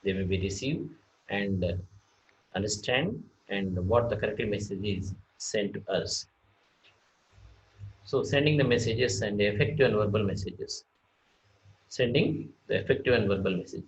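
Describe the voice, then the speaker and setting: A man talks through a slideshow lecture in a fairly low voice. He speaks haltingly, and his sentences are full of fillers and restarts. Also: low-quality recording.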